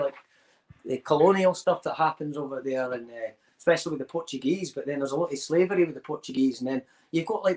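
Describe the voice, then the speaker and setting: A man's voice: a little high, poor audio. A man with a Scottish accent, a podcast guest rambling through anecdotes with Scots slang in casual chat. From Scotland.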